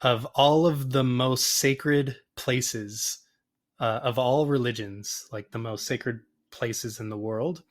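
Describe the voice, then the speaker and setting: Male guest, animated rambling storyteller, average pitch, heard over a video call. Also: slow pace. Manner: animated, rambling, acts out quoted voices. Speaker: photographer and podcast guest. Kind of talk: casual storytelling interview.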